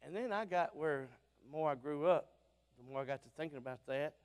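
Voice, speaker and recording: Southern preacher guy, high voice, fired up then quiet, mic'd up in a big echoey church hall. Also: fairly quick, clean tone. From Alabama. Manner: fervent, plain-spoken, swings between loud bursts and soft asides. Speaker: visiting preacher. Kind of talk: revival sermon. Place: church auditorium. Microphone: church sound system mic. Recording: long auditorium reverb.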